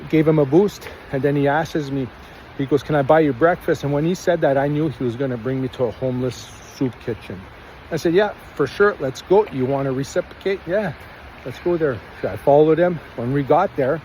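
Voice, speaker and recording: Casting: Canadian man, mellow low-key tone, rambling first-person storyteller, faint street traffic behind. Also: poor audio. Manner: rambling, earnest, acts out quotes.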